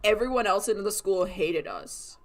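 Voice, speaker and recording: A woman's voice: mid-range voice, expressive, normal speed. Giggly, sarcastic young woman streamer. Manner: giggly, sarcastic, laughs often; acts out quoted voices. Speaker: streamer chatting while drawing. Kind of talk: casual livestream chat.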